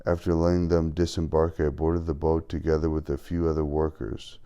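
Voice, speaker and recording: A man reads an audiobook in the first person. His voice is very deep and dark. He keeps a measured pace and stumbles on a word now and then. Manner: measured first-person reading with small slips. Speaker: audiobook narrator. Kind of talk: scripted narration.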